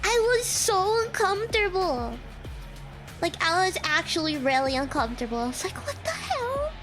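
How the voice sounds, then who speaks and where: A woman's voice: extremely high pitch, animated, moderate pace, over music. A young woman VTuber streamer chatting casually with her audience, telling stories with frequent giggles.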